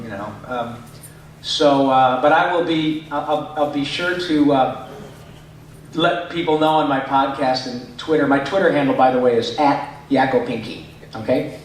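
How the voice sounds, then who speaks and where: Chatty voice actor in an echoey hall. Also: male voice, mid-range voice, a little slow, slight background noise. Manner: chatty, rambling, with many fillers. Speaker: voice actor answering fan questions. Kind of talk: convention panel Q&A. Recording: echoey hall, distant mic.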